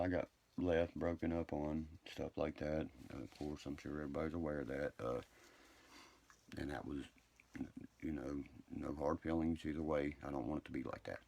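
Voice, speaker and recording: Gravelly, low-voiced man ranting profanely. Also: a little mellow. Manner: profane, combative, rambling. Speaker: livestreamer. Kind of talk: rambling livestream rant.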